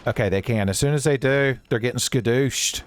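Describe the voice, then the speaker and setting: Jokey gamer man with a smooth voice. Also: fairly quick. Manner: jokey, swings into high excited yelps. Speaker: let's play host. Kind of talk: playful gameplay commentary.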